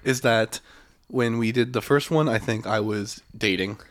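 A man's voice: medium pitch, measured pace. A young man co-hosting a casual podcast, joking crudely and laughing often. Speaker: podcast co-host.

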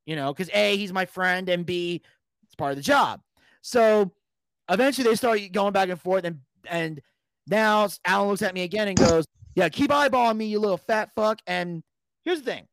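A man's voice: sits high, moderate pace, smooth, dry recording. A man telling a long story on a podcast as a guest, casually and with plenty of swearing, acting out what people said. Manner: animated, profane, acts out quotes.

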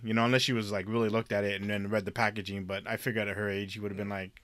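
Brief: man with a bright, forceful tone, dry close mic, profane casual co-host. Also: fairly low pitch, little pitch movement, very fast, no echo. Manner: profane, laughing, reacting to a story. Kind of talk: casual chat.

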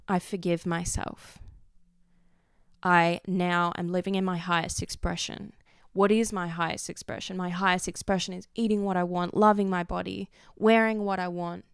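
A woman's voice: lowish voice, gravelly, smooth, no echo, clean studio sound. A young woman hosting a podcast, talking intensely about her body and often swearing. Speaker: podcast host. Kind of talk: passionate solo podcast talk.

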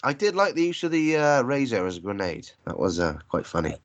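A man's voice: medium pitch, sing-song, a little fast, lo-fi sound. A man making dry, wry comments in a casual chat about a film. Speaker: film podcast co-host.

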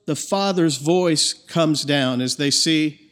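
A man's voice: a little high, slow, a bit bright. A man preaching a sermon in an earnest, emphatic way, his voice rising in bursts of intensity. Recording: long reverb of a large hall.

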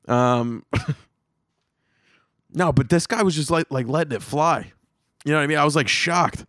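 A man's voice: a little high, unhurried, long pauses, dry recording, clean studio sound. A man hosting his own comedy podcast, telling rambling, profane stories in a casual monologue. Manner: profane, rambling, animated storytelling.

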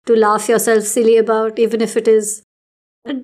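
A woman's voice: on the high side, completely flat delivery, moderate pace, darkish tone. Reflective, encouraging woman podcast co-host. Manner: reflective, encouraging, playful teasing. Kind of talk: casual podcast chat.

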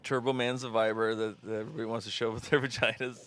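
Young male co-host, deadpan quipper, dry mic. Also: fairly low pitch, rapid-fire, no echo. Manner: deadpan one-liners, riffs on the joke. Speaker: podcast co-host. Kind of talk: casual crude comedy chat.

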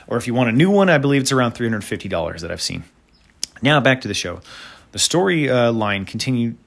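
Male host, slightly low voice, casual chatty monologue, rambles and throws in side comments. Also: fairly bright tone. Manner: rambling with asides and fillers.

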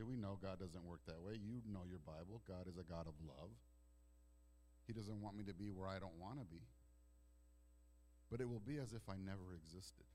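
A male pastor preaches in a chatty, storytelling way. His voice sinks to hushed, tender lines and then climbs to loud, fervent bursts. He often restarts his sentences as he talks to the congregation. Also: fairly low pitch, a little hiss or hum. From Italian heritage. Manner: swings from soft hushed lines to loud emphatic outbursts, with restarts. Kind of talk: sermon.

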